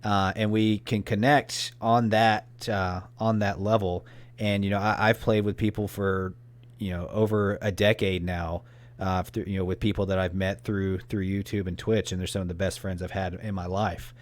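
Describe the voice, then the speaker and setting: A man co-hosting a podcast, talking in a halting way with many restarts. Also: low-pitched, level tone. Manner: halting, full of restarts and fillers. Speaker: podcast co-host. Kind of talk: casual chat.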